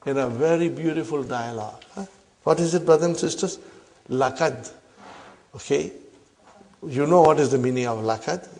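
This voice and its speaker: A man's voice: on the high side, darkish tone. A middle-aged man teaching Arabic grammar to a class, often ending points with a questioning "huh?" and addressing the students as brothers and sisters. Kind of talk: classroom lesson.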